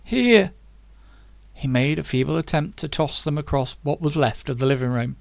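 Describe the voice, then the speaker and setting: A man reading his own novel aloud in steady, dramatic audiobook narration. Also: mid-range voice, fairly quick, creaky, dry recording.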